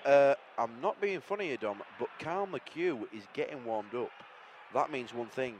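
A man joking excitedly as co-host of a football podcast recorded at a stadium. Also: medium pitch, moderate pace, slight background noise, poor audio. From Bradford, England. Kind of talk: casual football podcast chat. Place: outdoor football stadium press area.

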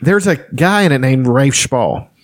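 Man, rambling, laughs a lot, animated pitch. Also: a little slow, no echo. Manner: rambling, laughs often, profane. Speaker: podcast co-host. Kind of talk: casual chat.

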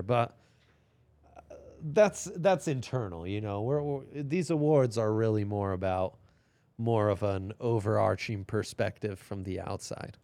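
A man's voice: lowish voice, darkish tone, dry recording. A young man co-hosting a sports podcast, talking casually in a laid-back, rambling way. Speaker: podcast co-host.

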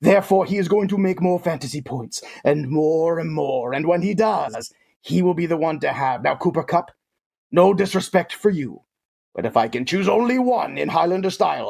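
Man putting on a gravelly boastful titan villain, husky and rough, somewhat high, pompous, theatrical. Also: animated, normal speed, darkish tone, full character voice. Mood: mock-grand. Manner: pompous, theatrical, playful third-person boasts. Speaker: fantasy football guest in character. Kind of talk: comic character bit on a sports podcast.

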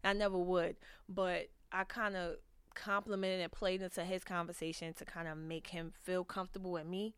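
A woman's voice: lowish voice, little pitch movement, moderate pace, fairly bright tone, clear, resonant tone, dry recording. A woman vlogger giving frank, rambling advice to viewers in a casual chat, full of fillers and restarts. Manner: frank and profane. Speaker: vlogger answering viewer questions.

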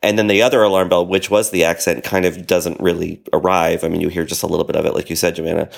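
A man with a very deep voice and a gravelly, fry-laden edge, trading casual film talk as a podcast co-host. He talks loosely, hedging and circling back with frequent restarts, and his voice sits low throughout. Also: little pitch movement, fast.

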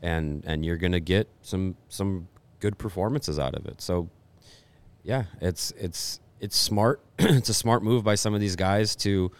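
A man co-hosting a podcast, talking sports in a relaxed, rambling way with many restarts. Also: low voice, a little slow. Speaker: podcast co-host. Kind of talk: casual sports talk.

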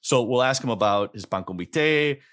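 A man's voice: medium pitch, lively intonation, normal speed, fairly bright tone. Chatty middle-aged man hosting a podcast. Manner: chatty, loose, peppered with "like" and "bro". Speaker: podcast host. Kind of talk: casual chat.

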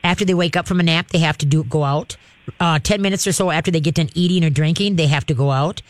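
Fairly high-pitched and fast, this male radio host and dog trainer runs a call-in show about dogs. He offers chatty, folksy advice, peppered with "okay?" and "all right?" as he goes, on a dry recording.

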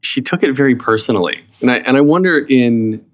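A man's voice: medium pitch, lively intonation, fairly quick, slight background noise. A man hosting an interview podcast, attentive, recapping dates and credits and affirming his guest often. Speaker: podcast host. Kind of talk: interview questions and back-channel.

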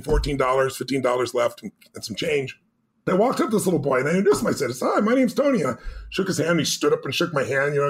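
A man telling a story as a podcast guest, animated and emphatic, acting out the quotes. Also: on the high side.

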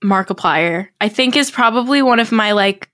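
Woman, young adult, podcast guest, bubbly, expressive, dry close mic, mid pitch. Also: moderate pace, no echo. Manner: bubbly, expressive, laughs often. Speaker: guest musician. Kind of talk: casual chat.

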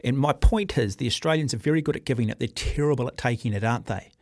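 A middle-aged New Zealand man hosts talkback sports radio from a studio mic, forthright and ranting in an average-pitched voice. The sound is close and dry, with no room around it. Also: fast talker, no echo. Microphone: studio microphone.

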